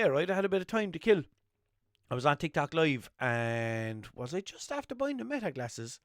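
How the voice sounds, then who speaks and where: A man's voice: mid-range voice, dry recording, clean studio sound. A young man from Limerick with an Irish accent, talking in a rambling, swearing, self-mocking way as a podcast host. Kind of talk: casual solo monologue.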